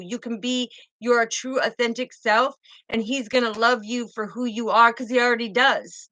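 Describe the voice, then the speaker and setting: High bright-voiced woman tarot reader. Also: no room sound, poor audio. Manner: soothing, calls viewers sweetheart and baby girl. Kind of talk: tarot reading for viewers.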